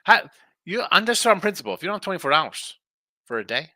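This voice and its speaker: Reading viewer messages aloud and replying in a loose, rambling way, a man runs his sports betting podcast as a laid-back live stream. He's tired and yawning, though his high voice comes out very animated, fast and sharp, with no room sound.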